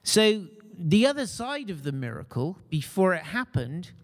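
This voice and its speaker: A man's voice: high voice, very animated, a little slow, in a large hall. A man preaching a sermon in a conversational way, putting questions to his congregation.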